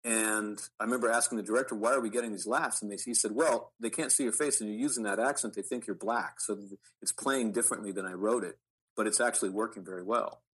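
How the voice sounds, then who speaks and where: A middle-aged man talks as a guest, telling stories from his acting past with eager restarts. His voice sits a little low, bright and forward in tone, with a husky grain. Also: fast talker, poor audio. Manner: animated anecdotes with frequent restarts. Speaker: actor guest. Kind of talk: storytelling interview.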